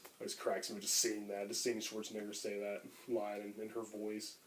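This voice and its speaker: A man's voice: fairly low pitch, monotone, a little fast, a little hiss or hum. A man co-hosting a podcast, talking casually and enthusiastically about films, rambling with lots of fillers. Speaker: podcast co-host. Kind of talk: casual chat.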